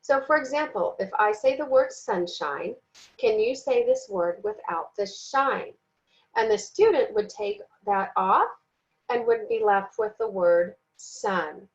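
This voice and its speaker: A woman giving a recorded training lesson, speaking slowly and deliberately and sounding out words syllable by syllable. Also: medium pitch, sing-song, dull audio. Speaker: teacher trainer.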